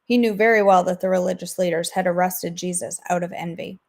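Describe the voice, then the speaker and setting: A woman hosting a daily devotional, reading scripture aloud in a steady, measured way. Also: on the low side. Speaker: devotional host.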